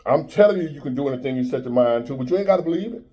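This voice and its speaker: A man's voice: medium pitch, animated, very fast, dark tone. A man in his fifties giving a blunt, preachy motivational monologue in street-style talk. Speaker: motivational speaker.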